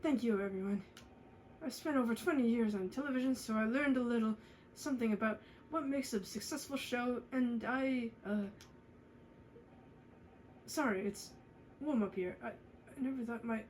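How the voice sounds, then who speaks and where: A woman's voice: fairly high pitch, normal speed, darkish tone, a little hiss or hum, close to an everyday voice, rough recording. A woman voicing a washed-up older male TV star with a put-on British accent, stammering and rambling as she reads game dialogue aloud. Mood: flustered.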